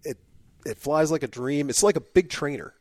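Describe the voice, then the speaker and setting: Animated man telling a story, dry close sound. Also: a little high, moderate pace, no echo. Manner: animated storyteller, acts out quotes. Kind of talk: casual chat.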